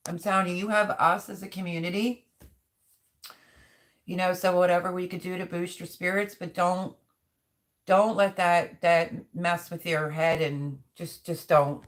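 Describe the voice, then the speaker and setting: A woman's voice: lowish voice, flat delivery, a little slow. A middle-aged woman hosting a live stream, reading viewers' chat comments aloud and answering them in a heartfelt, openly emotional, chatty way. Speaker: livestream host.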